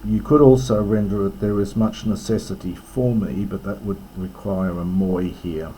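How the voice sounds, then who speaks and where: A man teaching ancient Greek, reading lines aloud and explaining them slowly and carefully, with many pauses and self-corrections. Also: low-pitched, fairly even intonation, mellow, a little hiss or hum, poor audio. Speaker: classics teacher.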